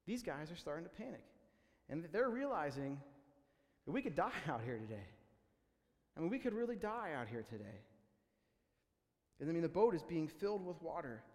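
A man delivers a sermon in an easygoing, talky way, stumbling over restarts and fillers before climbing into animated, urgent outbursts. His voice sits a little high for a man. The sound rings with the long reverb of a large hall. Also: normal speed, long pauses. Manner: conversational preaching, many fillers and restarts, rising to excited exclamations. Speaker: pastor.

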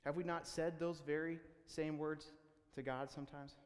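A man's voice: on the high side, moderate pace. Man preaching in a reverberant hall. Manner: conversational preaching, many fillers and restarts, rising to excited exclamations. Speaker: pastor. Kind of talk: sermon.

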